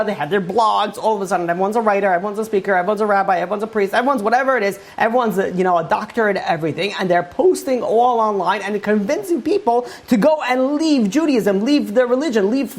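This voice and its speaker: Animated woman giving a Torah lecture. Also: lowish voice. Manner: lively storytelling with many fillers and restarts. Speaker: Torah teacher.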